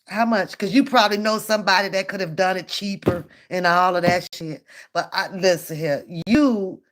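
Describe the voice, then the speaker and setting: Blunt, animated woman reacting to a clip. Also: lowish voice. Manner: animated, blunt, profane, laughs often. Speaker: reaction channel host. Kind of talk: casual reaction commentary.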